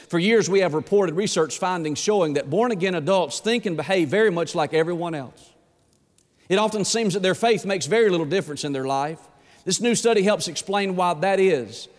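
A man preaching a sermon as pastor, impassioned and repeating words as he builds, then dropping to a hushed plea. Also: sits high, animated, a little fast, long reverb tail.

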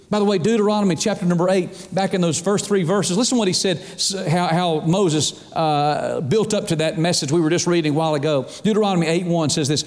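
A man preaching a sermon as pastor, emphatic, stretching key words slowly and dropping low at the ends of phrases, calling out to the congregation. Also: darkish tone. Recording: long hall reverb.

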